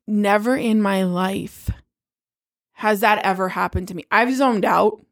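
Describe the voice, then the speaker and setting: A woman in her thirties, telling a story in casual chat, animated and swearing freely. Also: medium pitch, measured pace.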